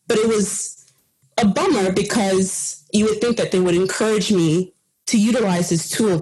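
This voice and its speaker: A woman with a slightly husky voice tells a personal story on a podcast. She is earnest and animated and laughs now and then. Her pitch sits in the middle range. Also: rough recording. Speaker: podcast team member sharing a personal story.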